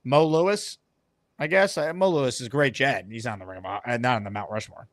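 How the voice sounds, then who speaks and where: A man's voice: mid-range voice, fairly quick, dry recording, clean studio sound. A man hosting a sports call-in show, joking and brash with callers. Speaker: host. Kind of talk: sports talk show banter.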